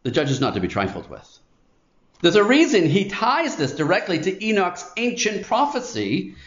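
A man's voice: high-pitched, wildly swooping pitch, normal speed, echoey room, lo-fi sound. A man preaching a sermon in an emphatic, declamatory way, stacking phrases with rising force.

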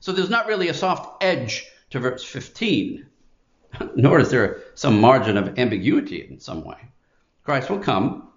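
A man's voice: mid-range voice, expressive, unhurried, reverberant, dull audio. A man preaching a sermon in an emphatic, declamatory way, stacking phrases with rising force.

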